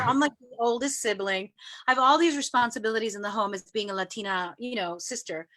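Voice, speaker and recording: A woman from New York City with a bright, forceful voice pitched a little high. She is a guest in a casual interview and tells her stories in an animated way, acting out the voices of the people she quotes. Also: fast. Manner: lively storyteller who acts out quoted voices. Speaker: guest sharing spiritual experiences.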